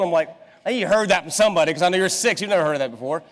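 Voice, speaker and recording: A man in his thirties preaching a sermon, telling a family story in a lively way and acting out the people in it. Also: high-pitched, racing. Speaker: pastor. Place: church sanctuary. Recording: long hall reverb in a church.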